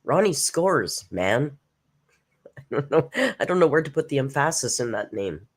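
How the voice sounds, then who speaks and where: Low-voiced, animated woman streamer. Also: fast. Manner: chatty, greets viewers by name, laughs often. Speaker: live-stream reaction host. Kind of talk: casual live-stream chat.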